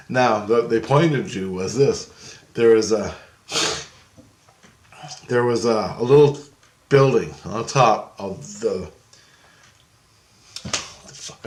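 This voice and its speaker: In a reverberant recording, a medium-pitched man rambles through an account of astral travel. He swears, laughs often and voices the characters in the story himself.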